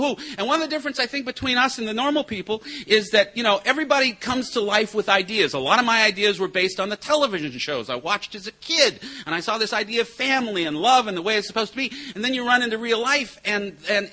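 A middle-aged man sharing his recovery story with a group, his high voice leaping all over the place as he lands dry, self-mocking jokes. The tone stays bright and edgy, like a seasoned sponsor who has told these stories many times. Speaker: recovery meeting speaker and sponsor. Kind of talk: personal recovery talk to a group.

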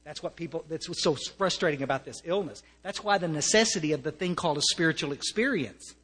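An American man speaks earnestly to a recovery meeting, with a fairly high voice. He restarts his sentences often and slips in wry humor. His voice carries a long reverb from a meeting hall. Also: quick pace, fairly bright tone, husky. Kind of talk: personal testimony to an audience.

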